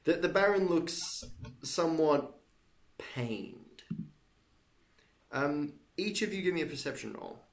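A man's voice: fairly high pitch, expressive, slow, long pauses. A man running a tabletop game as game master, narrating with frequent restarts and repeated words. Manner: hesitant, repeating words, self-deprecating.

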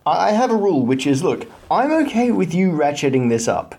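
A man's voice: fairly high pitch, very animated, fairly quick, vocal fry, a little mellow, a little hiss or hum. A man chatting casually on a podcast, teasing and stammering through restarts.

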